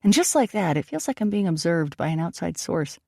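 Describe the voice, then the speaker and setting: A woman narrating an audiobook in the first person, with steady, reflective storytelling. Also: lowish voice, fairly quick, no echo, studio quality.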